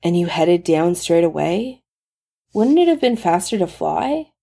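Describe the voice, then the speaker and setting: A man's voice: high voice, sing-song, unhurried, vocal fry, dark tone, exaggerated voice. A woman voicing an exhausted, injured young man who is crying and pleading, his voice breaking. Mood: tired, gentle.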